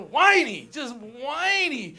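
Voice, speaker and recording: A man's voice: extremely high pitch, big pitch swings, very slow, bright, forceful tone. A young man from Colorado doing a crude stand-up comedy set on a theater stage, ranting and mimicking whiny locals.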